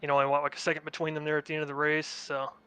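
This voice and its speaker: Fast-talking bright young man. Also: fairly high pitch, monotone, smooth. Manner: rapid, rambling, filler-heavy recap. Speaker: race winner, sim racing driver. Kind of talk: post-race interview.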